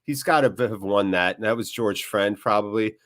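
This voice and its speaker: Excitable joking man hosting a watchalong. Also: fairly low pitch, normal speed. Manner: chatty, joking, excitable, reads out viewer comments. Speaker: watchalong host. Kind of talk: casual live football watchalong chat.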